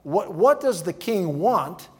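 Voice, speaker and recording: Man, pastor, slightly high voice, evening church sermon, animated storytelling, numbered teaching points. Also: takes it slowly, husky. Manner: animated storyteller who acts out dialogue.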